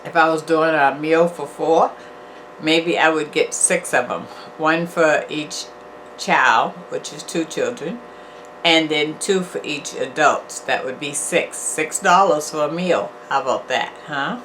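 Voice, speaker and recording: A woman's voice: low voice, measured pace, fairly bright tone, a little hiss or hum. An older woman hosting a casual food review vlog, chatty and encouraging, sometimes preachy and repetitive. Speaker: channel host, food reviewer.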